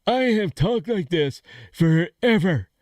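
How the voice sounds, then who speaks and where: A man voicing a joke character, a grown man with an unnaturally high, squeaky voice who pleads in a strained falsetto. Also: expressive, slow, darkish tone, dry recording. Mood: pleading.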